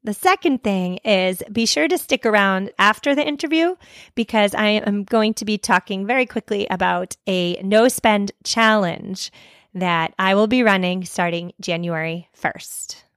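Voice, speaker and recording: A woman hosting a podcast, hoarse from a cold, with an upbeat, emphatic delivery. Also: mid-range voice, unhurried, a bit bright, dry recording, clean studio sound. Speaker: podcast host.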